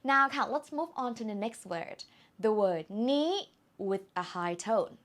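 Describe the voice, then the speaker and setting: A woman with a Thai accent teaches a language over the internet, modeling tones by carefully and slowly repeating words. She speaks at a medium pitch, sounding animated with a fairly bright timbre.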